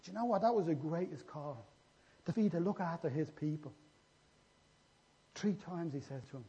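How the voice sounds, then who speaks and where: A man's voice: on the high side, animated, moderate pace, dark tone. A man preaching a sermon, retelling scripture stories and acting out the dialogue. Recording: echoey hall, dull lo-fi sound.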